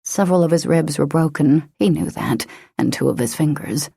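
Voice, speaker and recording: A woman narrating an action-romance audiobook in a steady, dramatic manner. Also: sits low, normal speed, gravelly, breathy edge, dry recording, studio quality. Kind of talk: scripted narration.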